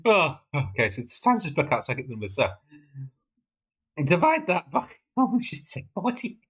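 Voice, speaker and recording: A woman's voice: low voice, sing-song, moderate pace, slightly rough. A woman streaming her game development, talking casually, swearing and laughing helplessly as she works things out aloud. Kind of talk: casual livestream commentary.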